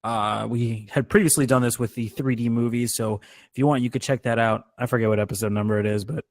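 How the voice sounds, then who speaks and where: A young man co-hosting a casual podcast chat, loose and joking, acting out reactions with mock shouts. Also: medium pitch, fairly even intonation, fast. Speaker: podcast co-host.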